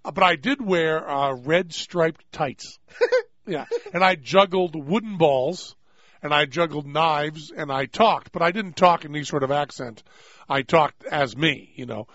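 A man hosts a radio talk show, rambling through stories with jokes and easy laughter. His voice sits a touch high. The studio sound is dry and a little dull. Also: a bit bright, no room sound. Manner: rambling, jokey, quick to laugh. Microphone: studio microphone.

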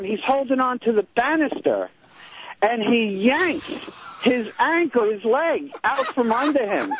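A man's voice: very high-pitched, dull audio, slight background noise. A male caller telling a story in a casual, hesitant way, with many fillers and restarts.

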